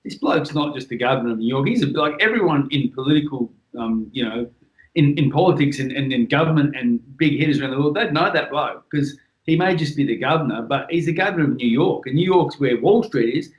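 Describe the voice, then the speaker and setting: A blunt, relaxed Australian man from Western Australia who swears freely and talks in an easy, casual way. His voice sits in a middle pitch, and the room gives it a noticeable echo. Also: a little fast. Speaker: guest, former world boxing champion. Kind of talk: casual podcast chat.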